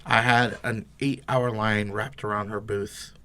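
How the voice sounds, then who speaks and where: A man's voice: lowish voice, steady tone, unhurried, bright, forceful tone. A man, a guest on a podcast, telling his business story in an easygoing, casual way. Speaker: guest, bag maker. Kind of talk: casual interview chat.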